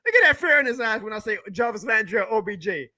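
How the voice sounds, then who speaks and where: A man hosts a live sports stream, his voice high and bright. He rants hard, swears freely and breaks into laughs between points. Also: very animated, fast. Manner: fired-up ranting, profane, laughs often. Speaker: podcast host.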